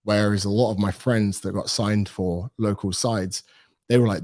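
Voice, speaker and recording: Lively British man telling stories. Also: fairly low pitch, normal speed. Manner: animated storyteller, acts out quoted dialogue. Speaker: guest, personal trainer. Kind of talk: casual podcast interview.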